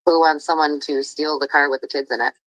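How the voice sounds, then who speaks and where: Low-voiced woman ranting on a stream. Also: level tone, brisk, no room sound, rough recording. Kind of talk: casual livestream talk.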